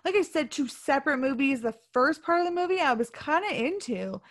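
A woman's voice: high voice, animated, fairly quick. A woman co-hosting a podcast, chatting casually and frankly about a movie that frustrated her. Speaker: podcast co-host. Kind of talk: casual movie review chat.

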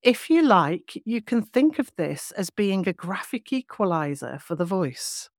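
A woman voice coach explaining vocal technique in a clear, measured teaching manner. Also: mid-range voice, big pitch swings, no echo, clean studio sound. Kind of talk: podcast teaching.

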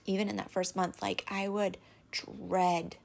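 A woman as an interview guest, telling a personal story in a halting, candid way, with many fillers and restarts. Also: mid-range voice, level tone, creaky. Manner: candid and emotional.

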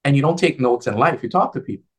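A man talking casually as a guest on a video call, an advisor who tells animated stories and acts out the dialogue in a lifted voice. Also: medium pitch, fast, breathy edge. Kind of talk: casual conversational storytelling.

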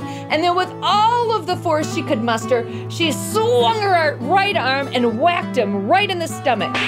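A woman giving a Christmas devotional, telling a family story in an expressive storytelling way and slowing down for emphasis. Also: high voice.

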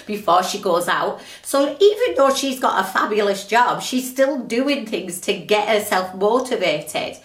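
A woman's voice: mid-range voice, animated, measured pace, hardly any pauses, far from the mic. Chatty ranting woman podcast host. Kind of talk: casual motivational monologue. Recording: roomy echo, a little off-mic.

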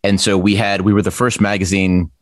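A man's voice: deep voice, flat delivery, brisk, no room sound, clean studio sound. A man talking casually as a podcast guest, reflective and storytelling. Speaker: podcast guest, former triathlon magazine editor. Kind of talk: casual conversation.

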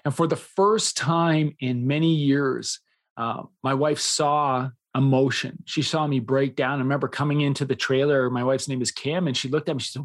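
A man's voice: mid-range voice, steady tone, moderate pace. A man in his thirties hosting a solo podcast, talking in an earnest, enthusiastic way, often smiling as he speaks. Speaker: podcast host.

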